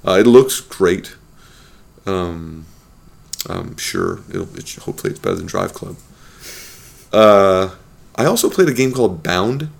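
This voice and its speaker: A man's voice: low voice, very animated, measured pace, creaky. A man co-hosting a casual gaming podcast, loose and profane, prone to playful rants. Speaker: podcast co-host.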